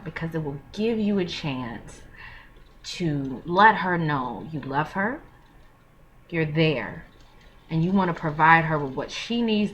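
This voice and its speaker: An earnest woman talks straight to the camera in a casual advice vlog, slangy, frank and openly emotional. Her voice sits on the low side for a woman, and a faint hiss of room noise runs under it. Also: fairly bright tone. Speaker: vlogger giving parenting advice.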